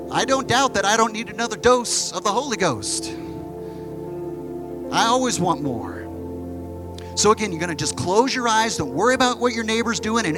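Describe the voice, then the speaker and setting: A man preaching a sermon as pastor, in a casual, conversational way with quick asides, in a church sanctuary. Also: sits high, poor audio. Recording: music behind the voice. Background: music playing.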